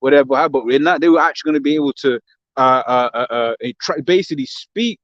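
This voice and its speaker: A man's voice: mid-range voice, fast, dry recording, dull audio. A man with a London accent in a casual religious discussion, talking animatedly with many restarts and reading scripture aloud. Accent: London English. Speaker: co-host.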